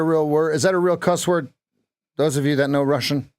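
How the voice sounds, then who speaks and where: A man's voice: on the high side, steady tone, normal speed. A man with an Alaskan accent, a trading coach chatting casually and muttering to himself while watching charts on a live stream.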